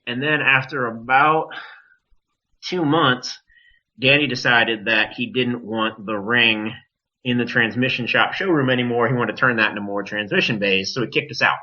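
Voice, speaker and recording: A man with a bright, forceful voice tells a story in a casual, animated way, cursing freely and mimicking others. The podcast audio is dull and lo-fi. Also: mid-range voice, moderate pace. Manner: animated, profane, acts out quoted voices. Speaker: wrestler, podcast guest.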